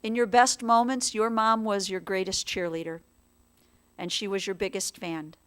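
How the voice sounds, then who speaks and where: A woman officiant giving a funeral eulogy in a chapel, speaking slowly, gently and in a measured way. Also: mid-range voice, fairly even intonation, smooth.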